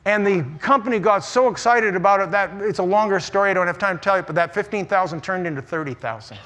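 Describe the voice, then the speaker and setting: In a large church auditorium, a pastor delivers an energetic sermon at a church conference. His high, bright, ringing voice moves fast, and he's humorous and emphatic, often repeating words and restarting.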